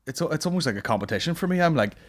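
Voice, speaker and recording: A man's voice: on the high side, expressive, racing. A man hosting a comedy podcast, telling rambling stories full of swearing and laughter. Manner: rambling storytelling, swears a lot, laughs often. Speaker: podcast host. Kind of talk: casual comedy banter.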